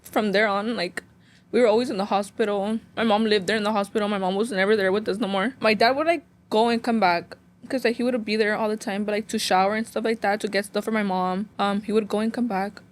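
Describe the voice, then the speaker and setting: Close to tears, a young Phoenix woman shares a painful story of her own as a guest, wandering through it emotionally with plenty of "like" fillers. She speaks quickly in a medium-pitched voice with a steady tone.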